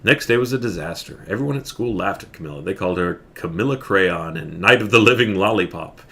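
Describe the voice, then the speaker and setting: A man reading a children's picture book aloud on a stream, animated, with joking asides. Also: low-pitched, brisk.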